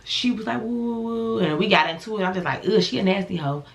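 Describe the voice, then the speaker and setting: Profane, animated storytelling woman. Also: on the low side, quick pace, vocal fry. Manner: animated, blunt and profane, acts out quoted voices. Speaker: storyteller vlogger. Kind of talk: casual storytime vlog.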